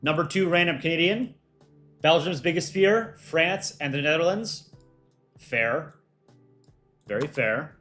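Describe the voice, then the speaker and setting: A man's voice: a little high, animated, a little slow, long pauses, fairly bright tone, soft background music. A man hosting a casual livestream, reading out fan art entries and reacting with light jokes.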